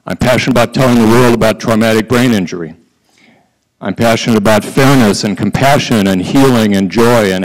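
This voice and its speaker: A middle-aged man giving a prepared conference talk, who sometimes breaks into fast auctioneer-style patter. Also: medium pitch, in a large hall, low-quality recording. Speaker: conference speaker. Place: conference hall.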